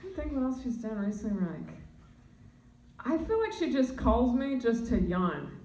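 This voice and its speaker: A young woman doing stand-up comedy, talking in a low, deadpan voice with deep tones. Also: moderate pace, roomy sound, distant mic, noisy background. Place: comedy club stage.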